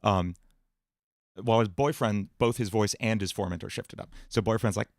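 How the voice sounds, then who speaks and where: A man hosting a livestream Q&A about singing and voice, explaining in a relaxed way with many fillers. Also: fairly low pitch, normal speed, dry recording, clean studio sound. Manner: relaxed explaining, many fillers, breaks into sung and put-on voice demos. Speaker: music producer and livestream host.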